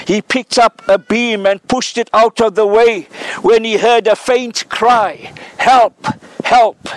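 A male pastor with a notably high, clear, resonant voice preaches at an unhurried, deliberate pace, earnestly telling an illustrative story before building to emphatic, repeated declarations as he addresses his congregation in church. The recording is dry and the audio quality poor.

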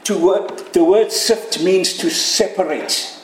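A man's voice: sits high, slow pace, slight background noise. A man preaching a sermon in an earnest, conversational way, asking his listeners direct questions. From Canada. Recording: echoey room.

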